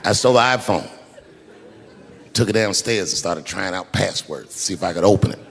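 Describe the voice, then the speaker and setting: A man telling stand-up comedy stories, acting out the people in them and dropping to a hushed mumble for sheepish asides. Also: low-pitched, fairly quick, vocal fry. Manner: animated, acts out the voices of people in his stories.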